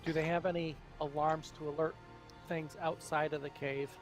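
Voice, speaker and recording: A man playing a tabletop game, deliberately explaining how his abilities work. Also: a little high, little pitch movement, over music. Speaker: player. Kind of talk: casual tabletop game play.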